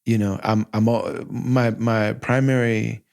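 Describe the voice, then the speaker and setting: Gravelly, heartfelt man in his forties. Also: fairly low pitch, a little slow. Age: 40s. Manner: animated, heartfelt, quotes himself in lively asides. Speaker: podcast host. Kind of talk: casual storytelling monologue.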